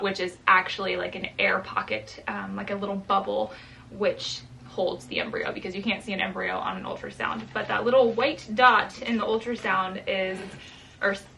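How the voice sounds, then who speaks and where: A woman's voice: mid-range voice, gravelly, pushed and bright, a little hiss or hum, rough recording. A young woman and mother chatting casually in a home vlog, emotional and laughing at times. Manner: sing-song talk to her baby. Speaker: vlogger, mother.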